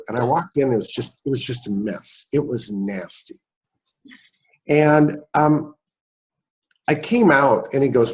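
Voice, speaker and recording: A man's voice: medium pitch, unhurried. A man in his sixties, a guest telling a personal story in an interview and acting out the dialogue in it. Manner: animated storyteller, acts out dialogue. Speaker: guest, real estate investor. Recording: dull, slightly lo-fi sound.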